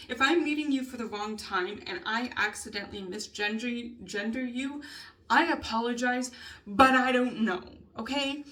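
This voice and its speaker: A young woman talks through a casual video journal in a somewhat high voice. She rambles, leans on fillers, swears freely and breaks into laughs and sighs. She sits a little back from the microphone. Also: a bit bright. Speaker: vlogger. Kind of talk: casual spoken journal monologue. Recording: voice a bit far from mic.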